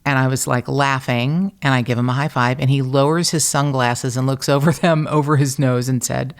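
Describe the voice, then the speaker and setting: A middle-aged American woman, a podcast host, telling a story in a casual, animated, profane and self-mocking way. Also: extremely low pitch, normal speed, few pauses.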